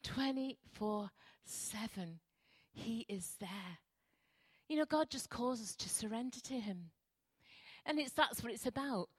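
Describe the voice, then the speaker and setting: An older woman preaching a sermon in church, animated and emphatic, repeating short phrases. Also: a little high, unhurried, long pauses, breathy edge, no room sound. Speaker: guest preacher.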